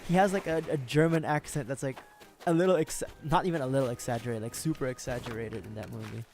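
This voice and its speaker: A man's voice: mid-range voice, fairly even intonation, quick pace. A man chatting casually through a gaming livestream, rambling and correcting himself, often chuckling. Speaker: streamer. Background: game music.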